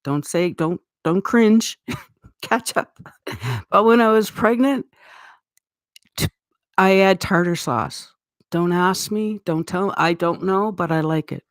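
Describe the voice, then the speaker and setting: A woman's voice: on the low side, takes it slowly, pauses often, dry recording, studio quality. Chatty Canadian woman, grandmother-to-be. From Eastern Canada. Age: middle-aged. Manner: rambling, chatty, laughs often. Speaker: livestream host. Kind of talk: casual live-stream chat.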